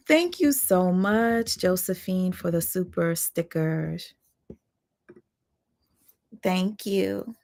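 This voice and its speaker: A woman hosting a casual live stream, chatty and excitable, greeting viewers by name. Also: medium pitch, vocal fry.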